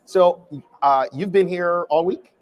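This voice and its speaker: A man's voice: high-pitched, slow, a little hiss or hum. A man with a Jamaican accent, hosting a live interview at a conference booth in an upbeat, welcoming way. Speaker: livestream host.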